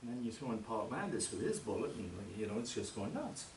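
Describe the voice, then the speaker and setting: Man, conference lecture, emphatic, rhetorical questions, lively swooping pitch, distant echoey hall recording. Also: brisk, a little hiss or hum. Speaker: conference speaker. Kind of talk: lecture to an audience. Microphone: far camera. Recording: distant camera mic in an echoey room.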